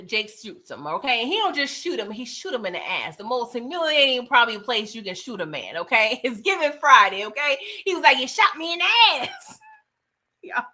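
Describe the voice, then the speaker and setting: Chatty woman breaking down a movie, bright voice, a bit high, lots of "okay?". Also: big pitch swings, brisk. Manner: chatty, slangy, tags lines with "okay?" and "right?". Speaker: movie reviewer. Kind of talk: casual film recap.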